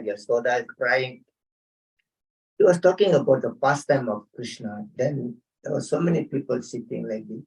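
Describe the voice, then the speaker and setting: A man leads an informal scripture class at a home gathering, mixing chanted Sanskrit verses with chatty, chuckling stories. His voice is mellow and warm. He sounds a little distant from the microphone. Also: medium pitch, vocal fry. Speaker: spiritual teacher.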